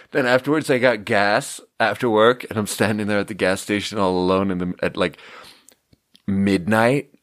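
A man's voice: lowish voice, moderate pace, a bit bright, no echo, clean studio sound. Profane, laughing young man telling a story. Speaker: podcast host. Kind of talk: casual comedic storytelling.

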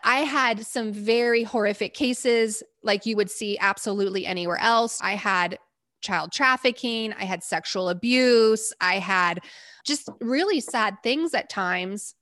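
A woman's voice: medium pitch, unhurried, a bit bright, no echo. Earnest woman telling stories, dry sound. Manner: candid, earnest, speaks in short emphatic bursts. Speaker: medical provider recounting field work. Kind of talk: interview storytelling.

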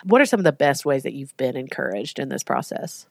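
A woman hosts a conversational interview, her voice sitting very low and recorded close and dry. She asks probing questions with empathy. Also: big pitch swings, brisk, vocal fry, no room sound. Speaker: podcast host.

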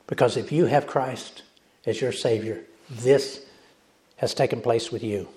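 A man's voice: medium pitch, normal speed, a little mellow. A male pastor preaching a sermon, emphatic and repetitive, speaking directly to the congregation.

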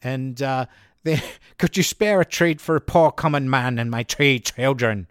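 A man's voice: mid-range voice, unhurried, clear, resonant tone, no echo, studio quality, close to an everyday voice. A man putting on a begging Irish peasant. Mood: pleading. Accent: put-on Irish.

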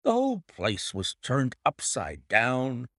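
Male reader playing a bluff hearty colonel, genial and offhand, lively up-and-down voice, a touch higher than the reader's own. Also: slow, dry recording, studio quality, heavily acted. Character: bluff, hearty country colonel, middle-aged.

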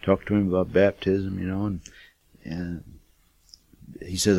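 A man's voice: low voice, flat delivery, unhurried, creaky, darkish tone, dull audio. An older man, a missionary, telling a testimony in a folksy, rambling way with many fillers. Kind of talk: casual storytelling testimony.

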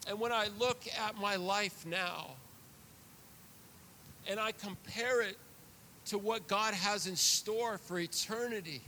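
Earnest high-voiced male pastor preaching. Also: takes it slowly, pauses often, sharp tone, slight background noise. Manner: earnest, confessional preaching with repetitions. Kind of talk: sermon.

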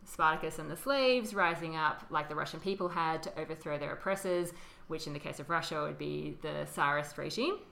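A podcast co-host talks briskly about history in a low-pitched, sharp voice with vocal fry, barely pausing at all. Her conversational style includes fillers and frequent laughter, and the room gives the recording an echo.

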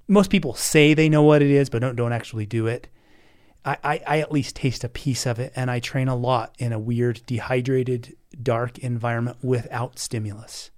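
Appearing as a podcast guest, a man chats casually, laughing a lot and making fun of himself, occasionally stumbling and repeating words. His voice is medium in pitch with a darkish tone.

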